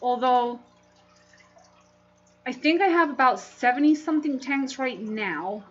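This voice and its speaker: A woman chatting on a casual livestream at an unhurried pace, laughing easily as she reacts to her viewers. Her voice sits a little high. The audio is dull and lo-fi, with a faint hiss underneath. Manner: chatty, laughs often, reads chat aloud. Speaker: livestream host.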